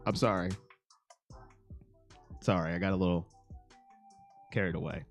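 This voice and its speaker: A man with a very high, smooth voice hosts a live sports chat stream, ranting excitedly and reading comments. He swings between loud outbursts and low mumbles. The sound is dry and close, with faint music underneath. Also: no echo. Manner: excitable, ranting, shouts then drops to a mumble.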